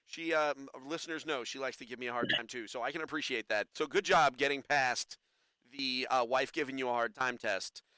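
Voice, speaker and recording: Host, male: easygoing interviewer, bright clear voice, dry close sound. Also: mid-range voice, brisk, dry recording, low-quality recording. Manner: friendly, loose questions with fillers. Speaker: podcast host. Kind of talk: casual podcast interview.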